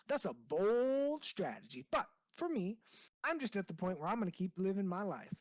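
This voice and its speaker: A podcast co-host chatting casually about the news with a sarcastic, animated delivery. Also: mid-range voice, moderate pace, no echo, poor audio. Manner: sarcastic, animated storytelling with mocking put-on quotes. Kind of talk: casual opinion chat.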